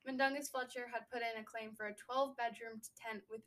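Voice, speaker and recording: A young woman co-hosting a casual book podcast, recapping a chapter and riffing with quick asides. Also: a little high, steady tone, fairly bright tone, distant mic, rough recording. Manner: chatty, recaps then riffs with quick asides. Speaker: book discussion podcast host.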